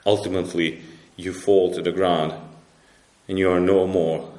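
A low-voiced male pastor delivering a sermon, emphatic and full of repeated restarts. His voice climbs when he drives a point home and sinks low for solemn moments, all carried in the roomy echo of a church. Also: little pitch movement, unhurried, a little mellow.

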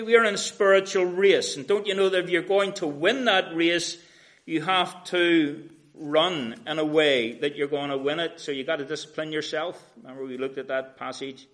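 A man preaching an expository sermon, reading verses and paraphrasing them in a sarcastic everyday voice, swinging from loud emphatic lines to quiet asides. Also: fairly high pitch.

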